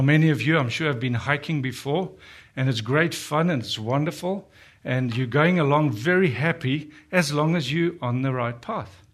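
A man preaching a sermon, earnestly asking his listeners questions and slowing down to dwell on the scripture he quotes. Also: mid-range voice. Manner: earnest, rhetorical questions to the congregation.

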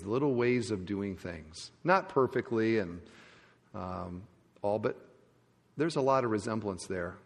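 Preaching man in a reverberant church hall. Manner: emphatic preaching, from loud rises to hushed low endings. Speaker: pastor. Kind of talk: sermon.

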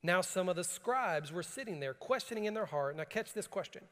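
A man preaching a sermon, swinging from calm scripture reading to rising, emphatic bursts. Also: sits high, brisk. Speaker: pastor. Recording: long hall reverb.

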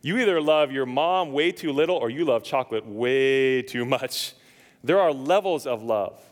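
A man's voice: mid-range voice, normal speed. A man preaching a sermon as pastor, telling stories with humor and acting out the dialogue for his congregation. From lived in Nevada, now Indiana. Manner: storytelling, acts out dialogue, jokes with congregation. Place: church. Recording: church sanctuary reverb.

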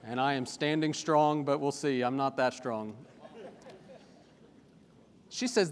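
A man preaching a sermon as pastor, animated, with humorous personal asides. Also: a little high, unhurried, long pauses. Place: church sanctuary. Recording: long reverb of a large hall.

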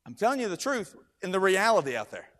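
High-voiced preaching man in a hall. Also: very animated, fast. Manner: storytelling preacher, repeats words, rising to loud emphatic shouts. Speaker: pastor. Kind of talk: sermon. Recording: long reverb of a large hall.

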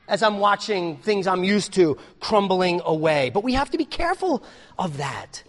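High-voiced man preaching in a reverberant hall. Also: sing-song, moderate pace. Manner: preaching with big swings in loudness, shouting hallelujahs then dropping low. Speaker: pastor. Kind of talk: sermon.

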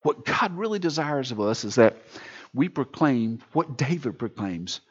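A man preaching a sermon as pastor, swinging between loud emphatic lines and quiet near-whispered ones. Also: mid-range voice, animated, unhurried, husky, lo-fi sound.

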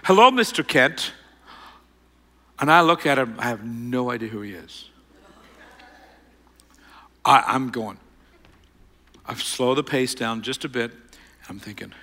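A middle-aged man telling a self-mocking personal story to an audience, rambling and animated. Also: mid-range voice, big-room sound.

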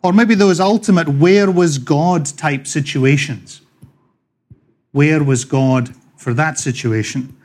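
Scottish guy preaching in church, kinda high voice, jokey with the crowd. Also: a little mellow. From Scotland. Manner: chatty, joking with the congregation; slows and swells when reading scripture. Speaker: pastor. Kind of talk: sermon.

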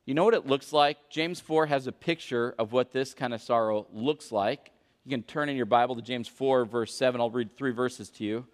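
A man preaching a sermon as pastor, questioning the congregation and swinging between loud emphasis and hushed intensity. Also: medium pitch, normal speed. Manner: questions the congregation and calls for answers. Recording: long reverb of a large hall.

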